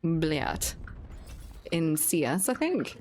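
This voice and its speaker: A woman's voice: low voice, big pitch swings, drawn-out words, darkish tone, faint music behind. A woman streamer chatting casually with viewers while gaming, laughing often and swearing freely.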